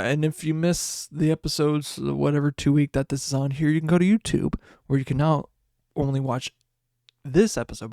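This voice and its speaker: Gravelly, rambling late-night podcast man. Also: on the high side, darkish tone, no echo, studio quality. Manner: rambling, trailing off, tired and yawning. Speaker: podcast host. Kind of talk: casual solo podcast talk.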